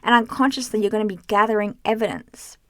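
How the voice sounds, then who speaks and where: A young woman coaching on self-help in a casual, animated way, swearing now and then and acting out the voices in her head, talking from inside a closet full of clothes. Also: mid-range voice, fast, no room sound, studio quality. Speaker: healing coach.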